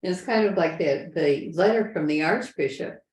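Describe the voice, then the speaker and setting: Low-voiced woman explaining in an echoey room. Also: moderate pace, a little mellow. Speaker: discussion group member. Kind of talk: casual group discussion.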